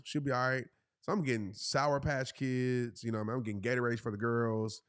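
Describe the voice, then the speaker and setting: A man, telling a story in a casual, animated way and jumping into high voices for the people he quotes. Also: moderate pace, smooth, no room sound, clean studio sound. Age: 30s. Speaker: host.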